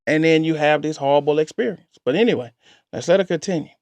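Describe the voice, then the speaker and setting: A man's voice: fairly high pitch, fast talker, a little mellow. A man hosting a reaction channel, talking through a story clip and giving his own dating advice to viewers.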